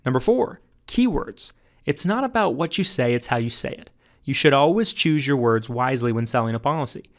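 A man's voice: animated, a little fast. Emphatic man reading his sales book. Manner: emphatic, coaching, punchy delivery with leaps in pitch on key points. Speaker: author narrating his own audiobook. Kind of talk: audiobook narration of a sales training book.

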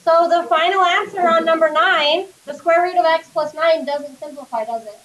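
A woman's voice: very high voice, normal speed, fairly bright tone, echoey room, highs cut off. A woman teaching a math class, questioning her students and coaxing them along step by step. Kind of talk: classroom lecture. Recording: distant classroom recording.

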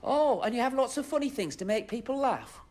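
Here the same cheerful, fussy engine driver is voiced at a very high pitch with a darkish tone, lively intonation and a slightly quick pace. The man speaks straight to viewers in a chatty, exaggerated way, as suits children's TV acting.

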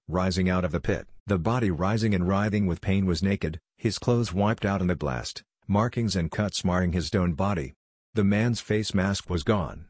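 A man narrating a fan-fiction story in a steady, descriptive read. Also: low voice, husky, no echo, studio quality.

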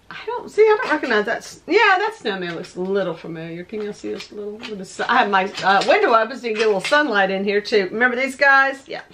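A woman with a voice going hoarse, rambling as she shows off her thrift finds at home. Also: mid-range voice, a bit bright, slight background noise. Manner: rambling, chatty, thinking aloud. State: losing her voice. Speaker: vlogger showing thrift finds. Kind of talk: casual show-and-tell chat. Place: home room with window open. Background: dogs barking.

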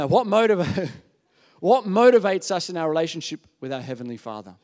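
A man preaching a sermon, telling a story in an animated way, acting out voices and often asking the audience "yeah?". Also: a little high, normal speed.

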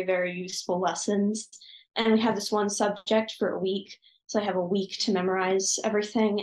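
A woman's voice: medium pitch, reverberant, low-quality recording. A teenage girl in seventh grade, answering interview questions with enthusiastic, gushing bursts over a video call. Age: teenage 7th grader. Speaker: student guest.

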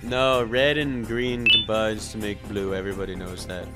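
A man's voice: on the low side, fairly even intonation, moderate pace. A man urgently coaching his co-host through a game, bossing him about. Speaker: co-host gamer. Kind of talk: let's play commentary. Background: game music.

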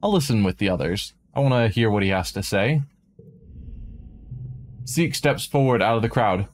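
A man streaming a game, reading a visual novel aloud with dramatic narration and quick asides of his own. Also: on the low side, lively intonation. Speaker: let's play streamer.

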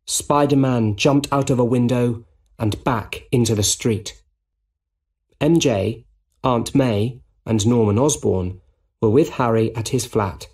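A man narrating a simple story for English learners, reading clearly and deliberately. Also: medium pitch, a little mellow.

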